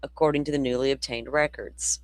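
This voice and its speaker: A woman's voice: a bass voice, steady tone, brisk, no room sound. Opinionated woman hosting true crime talk. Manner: conversational, opinionated asides to viewers. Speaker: true crime podcast host. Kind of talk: casual commentary reading news reports aloud.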